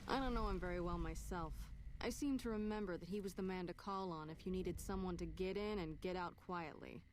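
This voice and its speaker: An actress voicing a video game character who gives a matter-of-fact briefing. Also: female voice, on the low side, a little fast, a crowd in the background, lightly acted.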